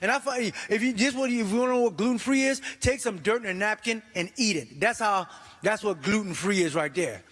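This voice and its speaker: A middle-aged man doing an animated stand-up comedy set, exclaiming and acting out voices. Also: high-pitched, fairly quick, big-room sound. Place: church comedy stage.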